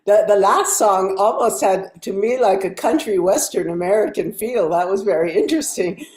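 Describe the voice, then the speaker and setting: A woman speaking as a guest from her dance studio on a video call, in a measured, reflective way. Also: medium pitch, lively intonation, a little mellow, reverberant.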